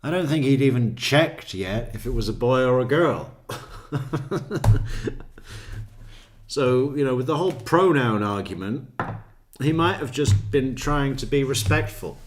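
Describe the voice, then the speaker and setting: A man's voice: medium pitch, slight background noise. A man hosting a true crime commentary, joking, laughing often, and stammering through repeated words. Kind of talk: casual commentary.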